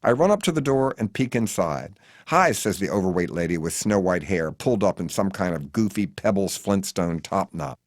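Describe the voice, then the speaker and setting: Reading his memoir for an audiobook, an American author speaks in a low voice at normal speed, pausing rarely. The tone is wry and vivid with lively intonation, in a dry, studio-quality recording.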